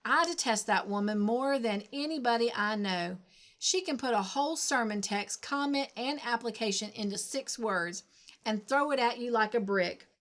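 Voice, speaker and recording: A woman's voice: a little high, moderate pace, natural voice. Woman reading a cranky old guy grumbling about a neighbor, storybook style. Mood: wrathful. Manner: grumbling, irritated. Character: grumpy older man neighbor, wrathful and blunt.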